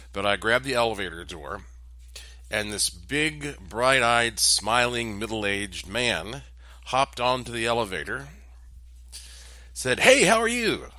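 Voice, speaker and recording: Low-voiced man with a North Carolina accent. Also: dry recording. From Asheville, North Carolina. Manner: relaxed, rambling anecdote with asides. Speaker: vlog host. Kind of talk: casual storytelling monologue.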